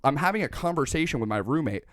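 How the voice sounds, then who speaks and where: A young man co-hosting a casual comedy podcast, telling stories in an excitable, profane way. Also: a little high, fast talker, no room sound, clean studio sound. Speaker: podcast co-host.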